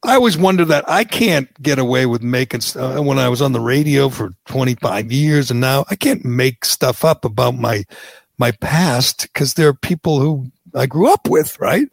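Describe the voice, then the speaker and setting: A man's voice: mid-range voice, expressive, moderate pace, gravelly, no room sound. A middle-aged man, hosting political talk radio with sarcastic, indignant ranting. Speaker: talk show host.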